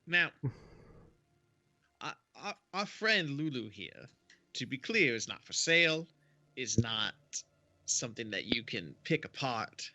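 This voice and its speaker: A man playing a tabletop game, speaking in a measured, diplomatic way. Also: mid-range voice, sing-song, bright, forceful tone. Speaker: player. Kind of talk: tabletop role-play chat.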